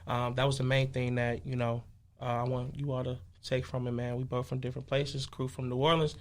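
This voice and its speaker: A man's voice: medium pitch, flat delivery, fairly quick. A young man from Chicago, a musician guest talking loosely and casually in an interview, with many fillers. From west side of Chicago. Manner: laid-back, loose and conversational, with many fillers.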